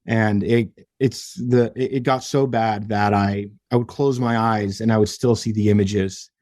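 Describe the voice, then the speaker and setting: This young podcast guest speaks on the low side with fairly even intonation, a measured pace, and a darkish tone, recorded dry at studio quality. He earnestly and emotionally shares his personal story, frequently starting sentences over.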